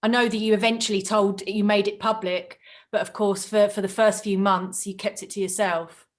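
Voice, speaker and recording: Gentle woman interviewer. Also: medium pitch, flat delivery, normal speed. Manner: gentle, sympathetic questioning. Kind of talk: interview questions.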